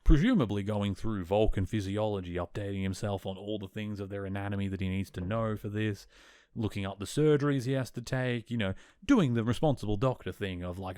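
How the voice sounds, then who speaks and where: A man's voice: lowish voice, brisk, mellow, clean tone, dry recording, clean studio sound. A man hosting a podcast, casually recapping a TV episode and retelling scenes with quoted lines. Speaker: podcast host.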